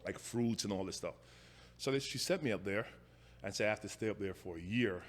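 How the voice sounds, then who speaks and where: A man in his forties from Jamaica with a Jamaican accent, telling stories about his youth in a casual interview, halting and restarting his sentences. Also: lowish voice, big-room sound. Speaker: guest.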